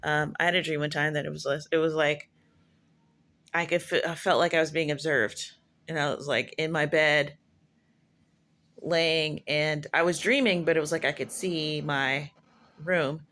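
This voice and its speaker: A woman with a fairly low voice muses aloud about spiritual things in a loose, casual monologue. She rambles and leans on fillers like "like" and "you know." She often stops to restart or correct herself. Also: steady tone, unhurried, a bit bright. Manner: musing, self-correcting storyteller. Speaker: prophetess sharing spiritual musings.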